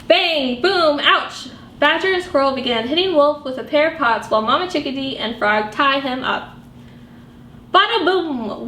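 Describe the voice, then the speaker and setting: A woman librarian reading picture books aloud to young children, animated and sing-song, asking them questions as she goes. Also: sits high. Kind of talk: storytime read-aloud for children. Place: library room. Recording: echoey room with faint background noise.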